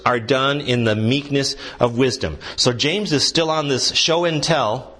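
Man preaching a sermon, middle pitch voice, asks the crowd stuff, gets higher and punchier when he drives a point home. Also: moderate pace, hardly any pauses, a bit bright. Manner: earnest preaching, rising in pitch and intensity when pressing a point; asks the congregation questions. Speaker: guest pastor.

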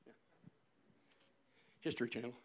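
A male preacher giving a sermon, telling a story with shouted, animated swings. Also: moderate pace.

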